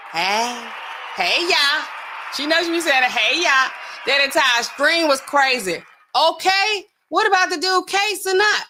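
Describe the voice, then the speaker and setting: A woman's voice: extremely high pitch, bright, forceful tone, a little hiss or hum. A young woman hosting a casual reaction livestream, chatting straight to her viewers and laughing often. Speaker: pharmacist host.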